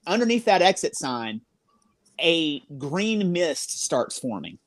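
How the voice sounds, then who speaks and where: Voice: medium pitch, sing-song, slow, no echo. A paranormal investigator guest telling a ghost story in a podcast interview with awe, many fillers and restarts. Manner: filler-heavy, awed storytelling.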